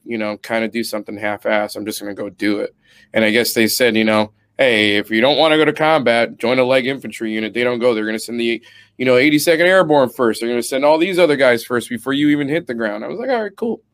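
A young Army veteran from New Britain, Connecticut, speaks in a medium-pitched voice with no room sound. As a podcast guest he tells his stories animatedly, in casual and profane chat.

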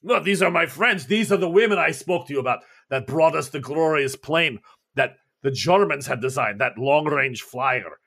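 A man voicing an excitable Russian party host with a put-on Russian accent and grand, raised delivery. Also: a little high, moderate pace, pitched above the performer's own voice. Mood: effusive.

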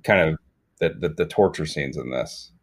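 A man co-hosting a comedy podcast, riffing through an absurd story in a rambling, animated way. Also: a bass voice, normal speed, slightly rough. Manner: rambling, animated, repeats himself. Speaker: podcast co-host.

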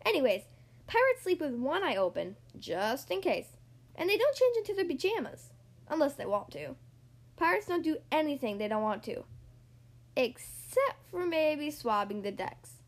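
A woman reading a children's storybook aloud in a lively, expressive way. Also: high-pitched, moderate pace. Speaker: storybook reader. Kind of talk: storybook read-aloud narration.

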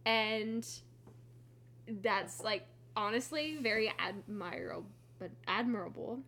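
A woman's voice: on the high side, slight background noise. Chatty young woman recapping a book. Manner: excited, quick recapping with many fillers. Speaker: podcast co-host. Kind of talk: casual book podcast chat.

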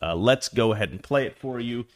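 Here a man with a mid-range voice and lively intonation talks a little fast, captured in a dry, clean studio recording. He's co-hosting a relaxed talk show, reading out news stories and adding sarcastic, heated, mock-serious remarks.

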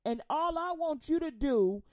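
A woman voicing Jesus as an earnest, calm figure making a promise, speaking slowly and deliberately. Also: very high voice, no echo, pitched above the performer's own voice.

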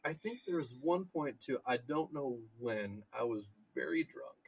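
Slow, husky-voiced man. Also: medium pitch, lively intonation, rough recording. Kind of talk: casual chat.

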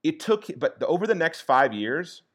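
A man's voice: fairly high pitch, normal speed, breathy edge. Man retelling a story casually. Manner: animated retelling with frequent "like" and "okay?" check-ins.

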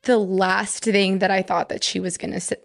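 A woman's voice: mid-range voice, level tone, normal speed, gravelly, dry recording, studio quality. A young woman from Texas, a podcast guest telling a personal story in casual chat, full of "like" fillers.

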